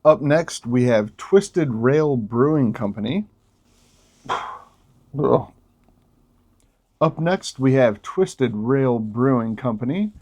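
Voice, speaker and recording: A man talks through his beer tasting in a relaxed, unhurried way, his mellow voice low and warm. He tosses off jokes and exclamations between sips, casual and unscripted. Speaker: beer vlogger.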